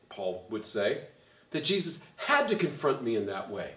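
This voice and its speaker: Lively pastor in an echoey hall. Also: male voice, medium pitch, normal speed. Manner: animated, sarcastic, gets loud when excited. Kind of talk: Bible study teaching. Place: church. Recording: echoey room, mic far off.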